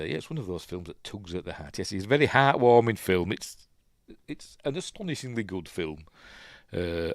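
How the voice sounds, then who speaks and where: A man with a Yorkshire accent talks through a film in a loose, live commentary, drifting off on tangents as he goes. His voice sits low and deep. The sound is close and dry, with no room around it. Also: dry recording. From Yorkshire, England. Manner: rambling, chatty, easily sidetracked. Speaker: host.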